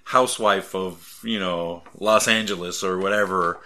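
A man's voice: sits low, fairly even intonation, a little slow, pushed and bright. A man in casual, rambling conversation about comics, often laughing. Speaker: podcast co-host.

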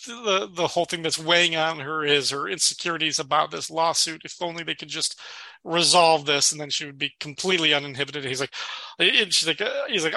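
A man's voice: on the high side, moderate pace, pushed and bright, dry recording. A man co-hosting a podcast, chatting casually about a sitcom episode, laughing often and retelling scenes with quoted lines. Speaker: podcast co-host.

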